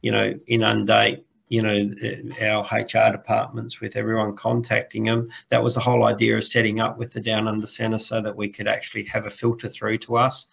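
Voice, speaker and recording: A man from Western Australia with an Australian accent, answering as an interview guest, halting and repeating words. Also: lowish voice, highs cut off. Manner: halting, repeats words, flat gravelly delivery. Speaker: employer guest.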